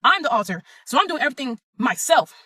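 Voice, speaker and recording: A woman's voice: sits high, sing-song, fast, sharp tone, slightly rough, no room sound. A young adult woman telling her own story in a blunt, emphatic, profane way. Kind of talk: casual first-person storytelling.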